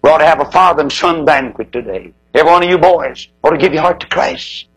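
A man preaching an impassioned revival sermon, swinging from loud high cries to low hushed tones. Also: lively intonation, fast talker, breathy edge, poor audio.

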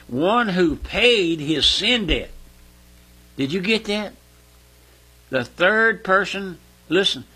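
A man preaching a sermon in a folksy, emotional way, often breaking into high pleading cries. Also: sharp tone, slightly rough. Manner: folksy, repeats "my friend" and "listen".

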